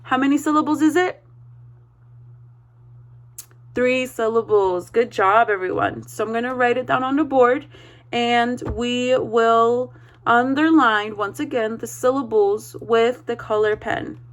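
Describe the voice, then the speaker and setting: A woman teaching a read-aloud vocabulary lesson, spelling words out slowly and encouraging the class. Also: on the high side. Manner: slow, spells words letter by letter; encouraging, checks in with "okay?".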